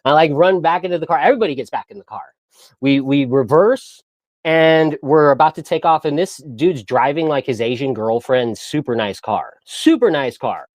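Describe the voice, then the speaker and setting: A man's voice: fairly high pitch, moderate pace, no echo. A young man telling stories in a casual, slangy way and laughing often. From San Diego area. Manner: laid-back slangy storyteller, laughs often, mimics voices. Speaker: guest. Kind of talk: casual storytelling.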